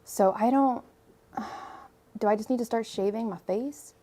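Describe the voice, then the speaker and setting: A woman's voice: fairly high pitch, a little slow, mellow. Young woman doing a tarot livestream, chatty, rambles a lot, says hi to everyone. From Ireland. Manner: chatty, rambling, greets viewers by name. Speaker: tarot reader and livestream host. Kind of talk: casual livestream chat.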